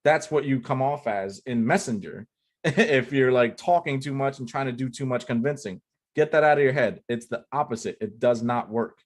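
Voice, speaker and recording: A man gives a casual whiteboard lesson on online selling. His delivery is loose and chatty, with a mid-pitched voice and constant "like" and "right?" tags. He drives points home by repeating key phrases. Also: normal speed. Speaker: online marketing coach.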